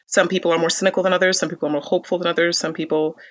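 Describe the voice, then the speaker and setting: A woman being interviewed in a casual conversation, telling stories with lively energy and frequent restarts. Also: on the low side, racing, poor audio. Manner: animated storyteller, frequent restarts. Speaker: interview guest.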